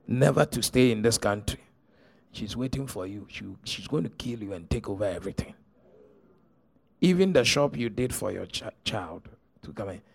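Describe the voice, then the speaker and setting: A middle-aged man, preaching a sermon as pastor, telling stories and swinging from hushed to shouted. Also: medium pitch, gravelly.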